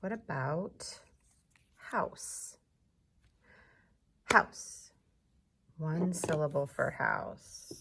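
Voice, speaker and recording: Slow, gravelly-voiced woman teacher. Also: lowish voice, lively intonation. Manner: slow, patient, encouraging, repeats words for clapping. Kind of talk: recorded remote class lesson for young children.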